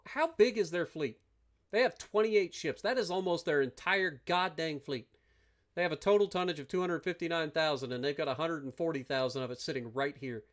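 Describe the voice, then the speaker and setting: A man with a fairly high, brisk voice livestreams a strategy game, giving running commentary as he rants and swears at his opponents.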